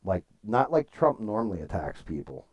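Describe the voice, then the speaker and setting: This man's fairly low voice swings widely in pitch at a normal speed, with a slightly mellow quality. During a casual livestream he tells meandering stories, swears freely, and reads out and answers viewer comments.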